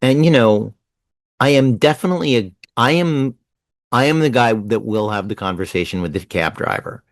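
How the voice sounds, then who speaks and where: A man in his sixties from New Jersey, telling stories fast and animatedly as a guest in a casual interview. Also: mid-range voice, dry recording. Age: 60s. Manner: fast-talking, animated storyteller. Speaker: guest writer.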